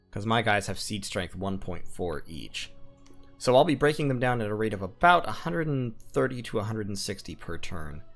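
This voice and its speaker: A man's voice: on the low side, gravelly, fairly bright tone. A man recording gameplay commentary at home, methodically thinking aloud through his plans and numbers. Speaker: strategy game let's-player.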